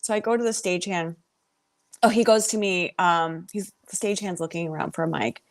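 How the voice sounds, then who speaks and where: Animated storytelling woman rapper. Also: on the low side, moderate pace. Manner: lively, swears freely, acts out quoted voices. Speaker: guest rapper.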